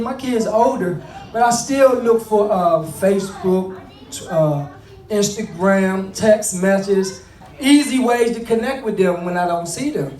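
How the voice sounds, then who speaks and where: A man's voice: high voice, darkish tone. A middle-aged man talks earnestly to an audience about fatherhood. He is conversational, restarting and repeating his phrases. The room is echoey and he is set back from the microphone. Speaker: speaker on fatherhood. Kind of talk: motivational talk to an audience. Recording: echoey room, mic at a distance.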